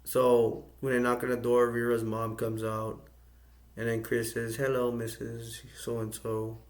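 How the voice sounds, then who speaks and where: A man from the United States talks through a movie's story scene by scene. His pitch sits in the middle and barely moves, giving a flat, even delivery. He rambles and circles back as he goes. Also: unhurried. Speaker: movie reviewer. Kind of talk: casual plot recap.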